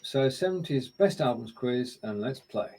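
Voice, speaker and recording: A man's voice: medium pitch, animated, normal speed, a little mellow. A man co-hosting a live stream in a casual chat, running a music quiz and fiddling with screen sharing as he talks.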